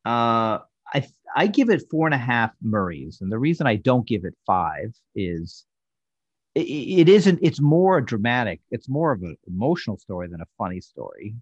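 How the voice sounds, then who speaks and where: A man talks through a sitcom episode on a casual podcast, his pitch rising and falling with animation. He hesitates and restarts as he recaps scenes. The sound is dry and a little dull, like a modest home setup. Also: big pitch swings, moderate pace, breathy edge, no room sound. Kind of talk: casual review chat.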